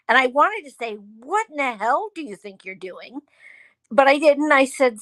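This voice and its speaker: Animated woman telling stories, dry sound. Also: sits high, normal speed, dry recording. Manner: animated storyteller, acts out quoted dialogue. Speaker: host. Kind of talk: casual chat.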